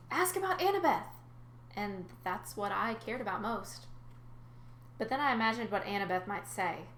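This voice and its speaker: Woman narrating a story, bright voice, chatty asides, roomy recording. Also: medium pitch, slight background noise. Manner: lively, chatty asides to listeners. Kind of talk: first-person story reading with casual asides.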